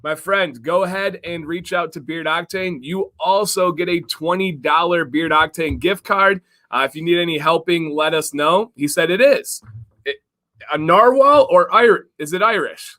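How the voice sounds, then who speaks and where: Bright, upbeat male stream host. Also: on the high side, moderate pace. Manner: upbeat, chatty, reads viewer comments. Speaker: livestream co-host. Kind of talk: casual live-stream chat.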